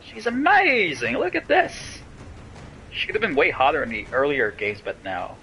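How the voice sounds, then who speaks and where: A young man hosting a let's play, joking and breaking into loud exclamations as he plays. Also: fairly high pitch, huge pitch swings, moderate pace, muffled recording, slight background noise. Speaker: gaming channel host. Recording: game music playing behind.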